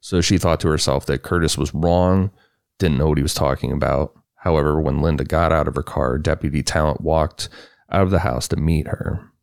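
A man's voice: very deep voice, fairly even intonation, fairly quick, gravelly, no room sound, studio quality. A man co-hosting a true-crime podcast, retelling the case in a plain, matter-of-fact way. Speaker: podcast co-host narrating a case. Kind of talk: casual true-crime storytelling.

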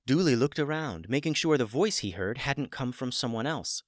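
A man narrating a children's story in a gentle storytelling manner, building the excitement through its dramatic parts. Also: mid-range voice, normal speed, dry recording, studio quality. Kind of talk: scripted narration.

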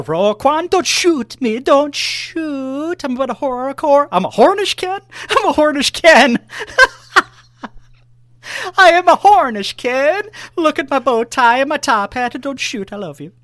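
A podcaster voicing a nervous, classy Cornish hen in a top hat and bow tie, pleading not to be shot in a high, squeaky put-on voice. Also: expressive, measured pace, fairly bright tone, no echo, studio quality. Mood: pleading silly. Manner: giggly, pleading. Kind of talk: comic character bit on a podcast.

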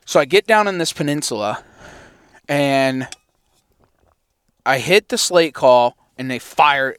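A man's voice: medium pitch, clean tone, dry recording, clean studio sound. A young man hosting a podcast, telling a hunting story in casual chat with lots of swearing and acted-out reactions. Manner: animated storyteller, swears a lot, acts out his own reactions. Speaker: podcast co-host. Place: inside a parked truck.

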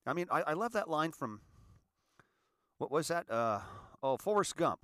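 A middle-aged man hosting his own show, giving a heartfelt monologue that stumbles and repeats words, then grows animated. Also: on the high side, normal speed, no room sound, studio quality. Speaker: podcast host.

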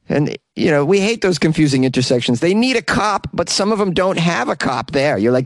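A man's voice: fairly high pitch, expressive, brisk, hardly any pauses, dry recording. A man with a New England accent hosting a comedy news podcast, joking and rambling with frequent laughs. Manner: jokey, rambling, laughs often.

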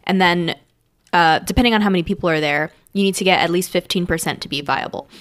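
A woman's voice: lowish voice, quick pace, a bit bright. A woman co-hosting a podcast, chatting casually and playfully with frequent laughs. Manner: giggly, playful. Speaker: podcast co-host. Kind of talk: casual chat.

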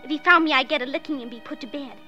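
High, bright little girl, earnest and brave, old radio play. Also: racing, highs cut off, soft background music. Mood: forlorn. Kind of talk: 1940s radio acting.

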